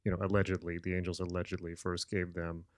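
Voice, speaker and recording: Deep male host, relaxed and chatty, dry close sound. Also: fast talker, no room sound. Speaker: podcast host. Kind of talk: casual interview chat.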